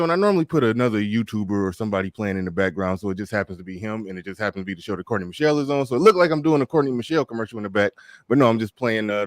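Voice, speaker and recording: A man's voice: lowish voice, dry recording, clean studio sound. A man hosting a casual live talk show, joking, cursing and laughing as he chats with his audience. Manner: joking, swearing, laughing at his own stories. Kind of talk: casual livestream chat.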